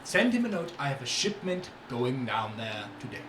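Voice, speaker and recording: Man playing a secretive informant, warns conspiratorially, lively voice. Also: mid-range voice, normal speed, noisy background, pitched below the performer's own voice, natural voice. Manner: warning, conspiratorial, laughs while giving advice. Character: secretive informant who has kept up an act for years. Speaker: game master. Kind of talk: voicing a character in a tabletop game. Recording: roomy, with background music.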